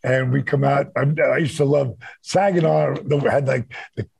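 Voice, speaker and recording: Middle-aged man, gravelly and husky, slightly high voice, animated host spinning stories. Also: normal speed, no echo. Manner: animated, repeats words when excited. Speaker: co-host, former wrestler. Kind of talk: casual storytelling.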